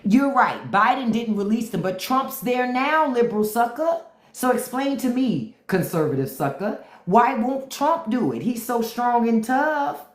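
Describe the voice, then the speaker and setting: A woman with a slightly high, animated voice talks a little slowly as she hosts a livestream. She's blunt and taunting in AAVE, offering unfiltered commentary and repeating her question to commenters, with roomy echo on her mic.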